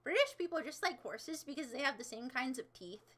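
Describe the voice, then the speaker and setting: A young woman with a high, bright voice chats to her livestream viewers. She rambles from one thing to the next in a playful, theatrical way and throws in sudden dramatic outbursts. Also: expressive, brisk. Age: young adult. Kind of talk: casual livestream chat.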